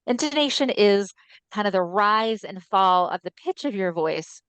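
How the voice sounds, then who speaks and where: A woman's voice: mid-range voice, lively intonation, normal speed, a bit bright, clean tone, no room sound. A woman presenting an educational webinar in a friendly, explanatory way with frequent ums, recorded on a video call microphone. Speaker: webinar presenter for an ALS voice nonprofit.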